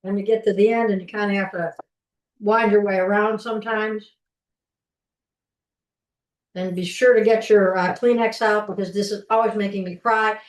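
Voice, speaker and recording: Heard through a distant video-call microphone in a spacious home kitchen, a middle-aged woman leads a live online cooking class. Her medium-pitched voice is fairly even, at a moderate pace with frequent pauses, and she chats folksily, often restarting sentences while working.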